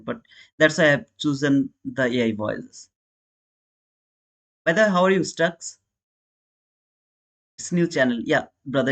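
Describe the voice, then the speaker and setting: On his live trading stream, a day trader with an Indian accent casually talks with his audience, addressing them as brother and responding to chat messages. He speaks at a medium pitch with a fairly bright tone.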